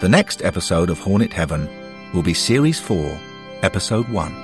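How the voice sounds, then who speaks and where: A man narrating a story in a measured, expressive way. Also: sits low, long reverb tail, over music. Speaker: audiobook reader.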